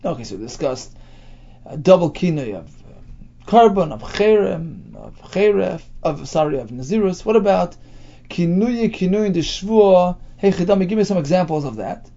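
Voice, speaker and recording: A man leads a daily Talmud lesson, reading phrases from the text and explaining them in plain English. His voice is high and mellow with a gravelly edge, and his pitch moves a lot. The recording sounds dull and lo-fi. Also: animated, moderate pace. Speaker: Talmud teacher.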